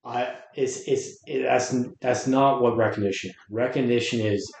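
A man's voice: mid-range voice, steady tone, moderate pace, gravelly. A man talking as a podcast guest, earnest and reflective, often restarting his words. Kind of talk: casual conversation. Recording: roomy echo.

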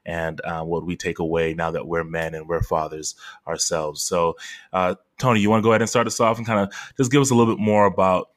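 A podcast co-host with a very deep, low voice asks easygoing questions to get his partner talking. The sound is dry and close-miked. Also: flat delivery, a little fast, no echo. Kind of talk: casual podcast chat.

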